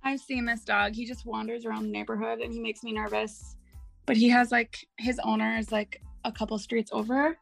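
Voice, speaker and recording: A young woman hairstylist co-hosting a podcast, chatting in an animated, easily sidetracked way. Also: on the high side, brisk, creaky, soft background music. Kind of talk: casual chat.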